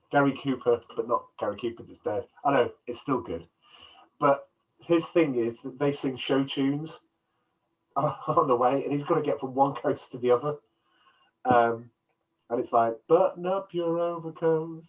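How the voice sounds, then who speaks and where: A man's voice: medium pitch, normal speed. A man co-hosting a film podcast, casually retelling scenes and acting out quotes, on a video call. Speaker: podcast co-host. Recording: distant from the mic, headset.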